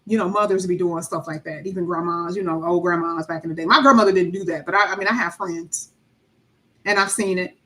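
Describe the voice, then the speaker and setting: A woman's voice: mid-range voice, fast talker. A woman giving a tarot reading to viewers, talking emphatically and acting out the voices of people she describes. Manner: animated, acts out quoted voices, emphatic repetition. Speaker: tarot reader.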